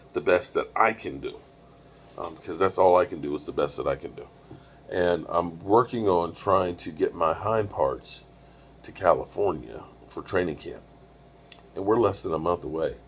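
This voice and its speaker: His voice sits low as he rambles casually, yawning and tired, on a live stream from the road. He's in his fifties with a mobile setup of a microphone and small mixer, and slight background noise is present.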